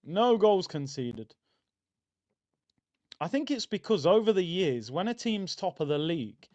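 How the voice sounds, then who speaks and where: A man streaming a live football watchalong, chatting casually about the match and reading out viewer comments. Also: on the high side. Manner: chatty, reads out viewer comments, excitable bursts. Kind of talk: live match reaction chat.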